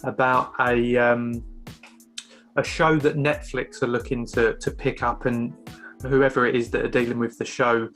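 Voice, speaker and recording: A man's voice: mid-range voice, level tone, a little slow, fairly bright tone, faint music behind. A man with an English accent hosting an interview, asking long, rambling questions with repeated words. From East Anglia, England. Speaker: podcast host. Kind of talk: casual interview chat.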